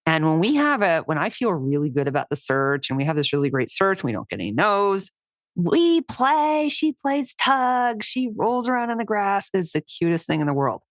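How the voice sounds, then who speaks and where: A woman's voice: medium pitch, sing-song, moderate pace, no echo. A woman co-hosting a podcast as a dog handler, chatting casually with dry jokes. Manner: dry joking, frequent laughs. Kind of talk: casual chat.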